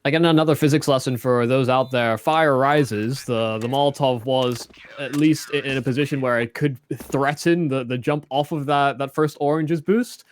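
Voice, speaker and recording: A man's voice: mid-range voice, fairly even intonation, moderate pace, few pauses, a little hiss or hum. Male esports analyst, color commentary, explanatory, hedging, mid-range voice. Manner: explanatory, hedging with fillers and restarts.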